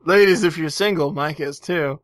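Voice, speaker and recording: A man's voice: a little high, normal speed, dry recording. A man co-hosting a podcast in casual chat, sarcastic and profane. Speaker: podcast co-host.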